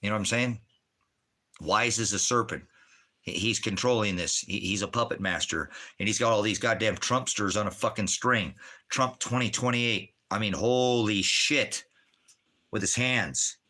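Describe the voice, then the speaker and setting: This Oregon livestream host has a lowish, sharp-toned voice at normal speed. He reads the chat and answers with angry, profanity-laced rants aimed at his viewers.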